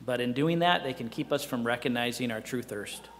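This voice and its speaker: A middle-aged man preaching a sermon in a conversational way, often dropping to a hushed voice for emphasis and asking the listeners rhetorical questions. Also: mid-range voice, a little fast, in a large hall, a little hiss or hum. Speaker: pastor.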